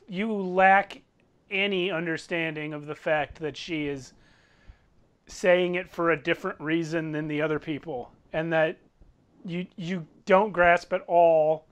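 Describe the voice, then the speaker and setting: A man with a slightly high-pitched voice runs a tabletop game as game master. He describes the scene at length and walks the players through the pieces on the table. His tone is descriptive and lightly amused. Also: fairly even intonation, unhurried, clear, resonant tone.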